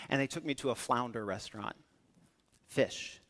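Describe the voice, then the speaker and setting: Animated male conference speaker in a hall. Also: medium pitch, fairly quick. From United States. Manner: animated storytelling, acts out voices. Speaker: keynote speaker. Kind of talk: conference talk with anecdotes. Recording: long hall reverb.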